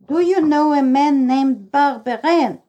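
An eager young boy searching for his family, pressing with excited, imploring questions, as a woman reader puts him on. The voice stays slow, mellow and slightly high. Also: lo-fi sound.

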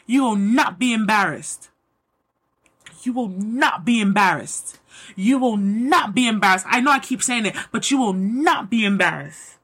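A woman delivers a fired-up devotional pep talk, hammering the same lines again and again. Her voice is on the higher side and a little breathy. She reads scripture aloud and then prays, and her excitement keeps spilling over. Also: unhurried. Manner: emphatic, excitable and repetitive. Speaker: Christian motivational speaker.

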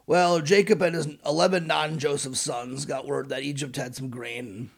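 A man's voice: fairly high pitch, fairly even intonation, normal speed, gravelly. A man hosting a podcast, narrating in an irreverent, sarcastic, profane comedic style. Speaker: podcast host.

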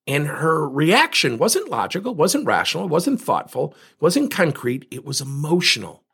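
Animated, husky-voiced man coaching listeners. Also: fairly high pitch, measured pace. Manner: emphatic, addresses listeners directly, rhetorical questions. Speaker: leadership coach and podcast host. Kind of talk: podcast monologue.

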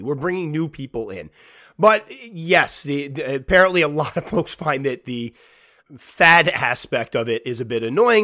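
A man's voice: on the high side, a bit bright. Congested man hosting a podcast. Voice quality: slightly weak, stuffy voice. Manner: chatty, rambling with restarts. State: congested from a cold. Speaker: podcast host and tarantula keeper. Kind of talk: casual podcast talk.

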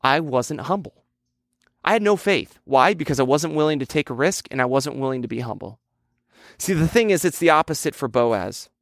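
A man preaching a sermon, telling a childhood story in a lively, conversational way. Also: medium pitch, normal speed, no echo, clean studio sound. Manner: storytelling, animated with childhood anecdotes. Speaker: pastor.

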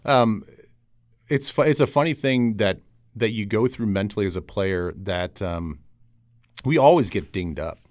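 A man's voice: fairly low pitch, lively intonation, darkish tone, no echo, clean studio sound. A man hosting a podcast in a chummy, easygoing way, asking questions and cracking jokes. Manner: easygoing, chummy, quick to joke. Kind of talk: casual podcast chat.

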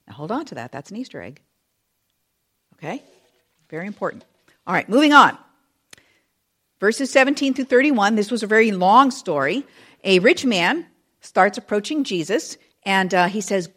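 A middle-aged woman delivers a sermon in a storytelling way, her pitch rising and falling with lively range. She acts out the people in the story and talks straight to the children. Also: normal speed. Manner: animated storytelling, acting out quoted voices; speaks to children in the audience. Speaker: preacher.

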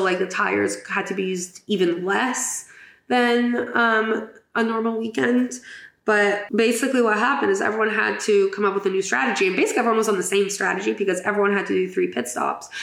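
A chatty woman hosts a podcast in a relaxed, giggly way, tossing in the odd swear. Her voice has a gravelly edge, and the room around her sounds echoey. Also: medium pitch. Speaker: podcast host. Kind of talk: casual chat.

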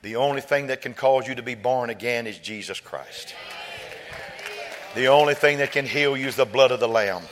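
A man preaching a sermon, quoting scripture and building from quiet talk to fervent shouting. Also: medium pitch, normal speed, a faint crowd, a little hiss or hum.

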